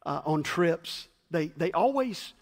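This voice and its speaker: A man pastor preaching a sermon in a fast, chatty, self-deprecating way with stammered restarts. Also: fairly high pitch, lively intonation, big-room sound.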